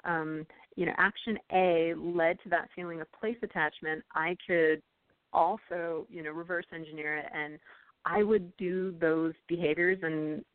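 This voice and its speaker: A woman's voice: lowish voice, steady tone, unhurried, no echo. Thoughtful woman author on a phone line. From California, US. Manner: thoughtful, with frequent ums and you-knows. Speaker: author and interview guest. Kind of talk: casual interview talk. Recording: tinny, dry phone-line audio.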